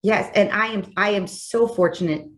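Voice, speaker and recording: A woman's voice: medium pitch, moderate pace. A woman hosting a podcast conversation, speaking effusively and enthusiastically with frequent restarts. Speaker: podcast host.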